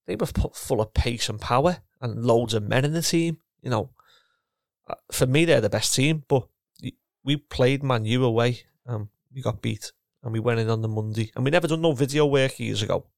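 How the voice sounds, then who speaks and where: A man's voice: medium pitch, normal speed, gravelly, no room sound, studio quality. A middle-aged man, a former footballer and coach chatting casually, rambling and restarting his sentences. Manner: rambling, repeats words, restarts often. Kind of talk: casual chat.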